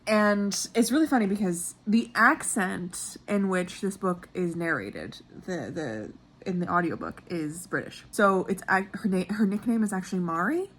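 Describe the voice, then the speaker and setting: A woman's voice: medium pitch, moderate pace. Chatty Canadian woman vlogging. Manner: animated and chatty, swears casually. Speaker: author and book vlogger. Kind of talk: casual vlog talk.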